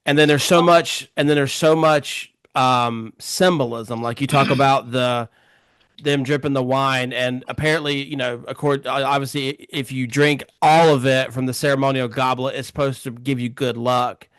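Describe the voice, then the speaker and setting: A man muses agreeably about a film in an unhurried, conversational way. His voice sits at a middle pitch. It is recorded close and dry. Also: fairly even intonation, fairly bright tone, smooth, no room sound. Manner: agreeable, reflective, frequent fillers. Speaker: podcast co-host. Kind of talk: casual film discussion.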